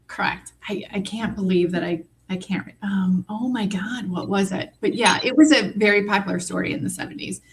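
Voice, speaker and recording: A woman with a Midwestern American accent co-hosting a podcast in casual chat, talking in a chatty, animated way with many fillers. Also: medium pitch, fairly quick, few pauses, slight background noise. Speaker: podcast co-host.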